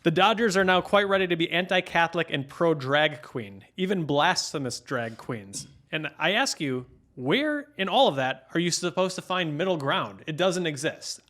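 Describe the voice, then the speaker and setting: Earnest higher-voiced podcast co-host man. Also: animated, moderate pace, hardly any pauses, fairly bright tone. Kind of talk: casual podcast chat.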